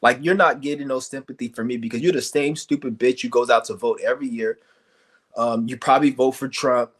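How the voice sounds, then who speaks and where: A man's voice: mid-range voice, steady tone, a little fast. A man streaming an angry vlog rant, firing off heated, profane rhetorical questions and blunt insults. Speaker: streamer ranting to viewers.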